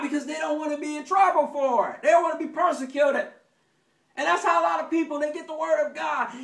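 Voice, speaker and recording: High-voiced preacher in an echoey church. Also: male voice, creaky, a bit bright, distant mic. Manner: folksy storytelling, acts out anecdotes with sound effects; call and response. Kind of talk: sermon. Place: church sanctuary.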